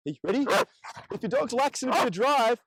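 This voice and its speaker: A man's voice: very high voice, animated, fast, a little hiss or hum, low-quality recording. A man teaching dog training as he demonstrates, coaching and praising the dog between explanations. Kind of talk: instructional demonstration.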